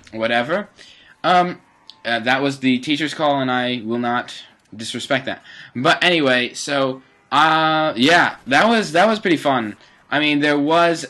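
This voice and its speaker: Bright and a bit strained, the mid-range voice belongs to a teenage boy narrating his gameplay in a meandering, offhand way, stumbling through fillers and fixing his own words.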